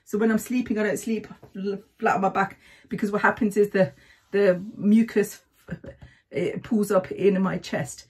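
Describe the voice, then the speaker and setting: A middle-aged health vlogger gives breathing advice straight to camera in a chatty, casual way, repeatedly adding "okay?". She speaks at normal speed in a mid-range voice with fairly even intonation and a darkish, slightly rough tone.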